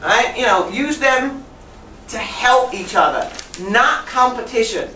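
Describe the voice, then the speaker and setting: A woman teacher trainer running a lively classroom demonstration, repeating and correcting students as she goes. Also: fairly high pitch, slow. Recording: echoey classroom from far off with faint noise.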